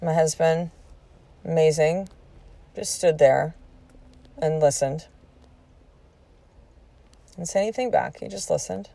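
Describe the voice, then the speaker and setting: A woman's voice: low voice, slow, gravelly, long pauses, dark tone, no echo. A woman in her forties hosting a podcast, telling a personal story in a candid, emphatic way and swearing freely. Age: 40s. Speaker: podcast host.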